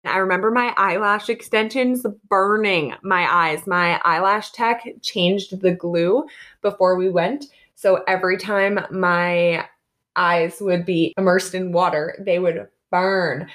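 A young woman from Canada chats casually about her travels. She tells her stories with animated energy and leans on fillers as she talks. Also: on the low side, takes it slowly. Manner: animated storytelling with lots of "like" and "basically". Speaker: co-host recounting travels. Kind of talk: casual chat.

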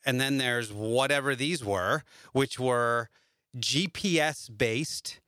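A man hosting a podcast in casual chat, telling relaxed anecdotes with a few hesitant fillers. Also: mid-range voice, takes it slowly, dry recording, clean studio sound. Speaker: podcast host.

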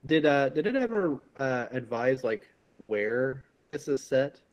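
A man's voice: medium pitch, sing-song, a little slow, lo-fi sound. A man in a casual movie chat who asks questions and speaks in a thoughtful, hesitant way.

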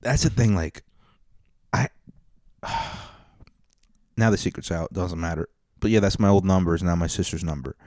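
A man with a deep, low voice trades loose, rambling jokes on a podcast, often poking fun at himself. He is close to a studio mic in a dry, dead room. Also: moderate pace, pauses often, darkish tone, no room sound. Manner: rambling, joking, self-deprecating. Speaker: podcast co-host. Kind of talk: casual podcast banter.

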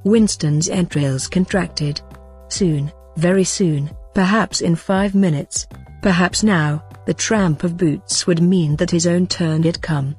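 A woman reading a novel aloud as an audiobook narrator, in a measured, even manner. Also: fairly low pitch, slightly rough, faint music behind. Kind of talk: scripted narration.

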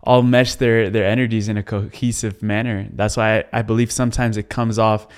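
A man hosting a spiritual interview podcast. He asks questions softly and keeps affirming his guest with admiring remarks. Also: lowish voice, little pitch movement, brisk, clear, resonant tone. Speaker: podcast host.

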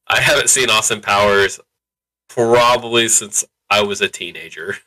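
A man co-hosting a casual podcast about a movie, excitable and quick to laugh, now and then slipping into mock voices. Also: fairly low pitch, poor audio. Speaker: podcast co-host. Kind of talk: casual movie review chat.

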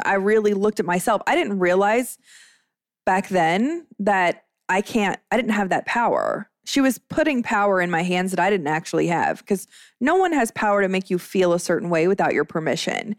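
A woman's voice: medium pitch, dry recording, clean studio sound. A woman in her thirties hosting a podcast, telling a personal story in a candid, chatty way. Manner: candid and chatty, many fillers. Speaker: podcast host.

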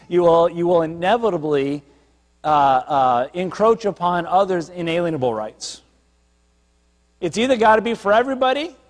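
A man's voice: high voice, in a large hall. A man, a pastor, preaching a sermon in a conversational way, retelling a scripture story with acted asides.

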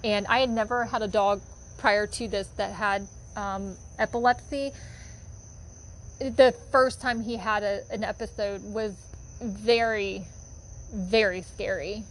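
A woman's voice: medium pitch, fairly even intonation, takes it slowly, slight background noise, poor audio. A woman telling personal stories about fostering dogs in a chatty, heartfelt way with lots of fillers. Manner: chatty, many fillers, gets emotional. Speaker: dog foster volunteer. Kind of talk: casual storytelling monologue.

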